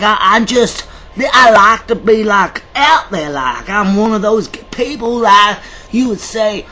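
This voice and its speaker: A man's voice: high-pitched, a little slow, bright, forceful tone, rough recording. A man vlogging to camera in a rambling, chatty way, theatrical and self-described as dramatic. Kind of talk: rambling casual monologue to camera.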